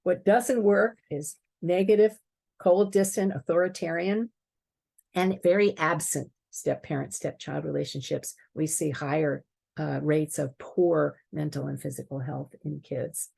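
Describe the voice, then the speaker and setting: A woman giving a prepared talk on stepfamily life, explaining earnestly and clearing her throat now and then. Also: low voice, fairly even intonation, a little slow, dark tone.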